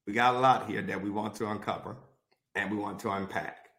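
A man teaching a Bible study, reading verses aloud and pausing to give deliberate, repeated marking instructions. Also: fairly low pitch, fairly even intonation, a bit bright. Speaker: pastor.

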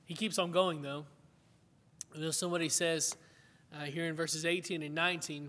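A man's voice: on the high side, fairly even intonation, normal speed, pushed and bright. A middle-aged man preaching a sermon in an earnest, conversational way, often asking his listeners questions. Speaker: pastor. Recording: long hall reverb.

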